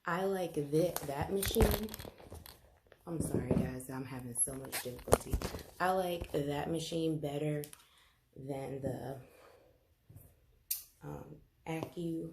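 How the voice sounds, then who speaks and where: Slow, low-voiced woman demonstrating foot stretches. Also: gravelly, roomy sound, background noise. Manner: chatty, apologetic, with frequent ums and restarts. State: out of breath. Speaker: health educator. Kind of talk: casual home demonstration.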